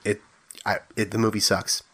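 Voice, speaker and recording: A man's voice: fairly low pitch, level tone, moderate pace, a bit bright, breathy edge. A man co-hosting a casual film-review podcast, bantering in a joking, upbeat way. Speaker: podcast co-host.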